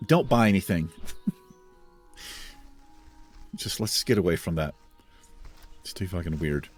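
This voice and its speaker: A man's voice: sits low, lively intonation, slow pace, soft background music. A man hosting a video game let's play, giving laid-back commentary with casual swearing and chuckles. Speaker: host.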